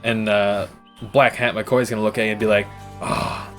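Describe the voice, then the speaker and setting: A man narrating as game master in a loose, casual way, laughing often and filling pauses. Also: lowish voice, level tone, a bit bright, faint music behind. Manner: loose and laughing, many fillers.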